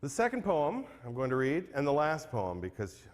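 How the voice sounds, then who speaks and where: A man's voice: fairly high pitch, huge pitch swings, normal speed. A man serving as emcee at a memorial livestream, reading tribute poems aloud with earnest, self-deprecating care, then introducing the next acts. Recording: long hall reverb.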